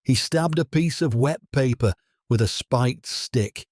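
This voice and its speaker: Male narrator for a dramatic story: unhurried, mellow, steady and solemn. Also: medium pitch, no room sound, clean studio sound.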